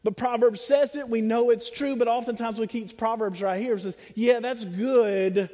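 A man with a high voice preaches a sermon, animated and full of humor, slipping into the voices of other people. His voice rings with the long reverb of a church sanctuary. He talks plainly and directly to the congregation. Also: moderate pace.

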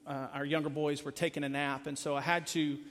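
Earnest pastor preaching in a reverberant hall. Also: male voice, a little high, level tone, brisk. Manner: earnest, swelling then dropping to hushed. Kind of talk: sermon.

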